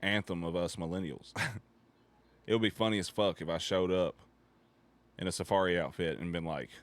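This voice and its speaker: A man talks casually on a livestream, reacting to clips with a low voice. He swears freely, jokes around and laughs a lot. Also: fairly even intonation, normal speed. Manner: profane, joking, laughs often. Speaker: streamer reacting to videos.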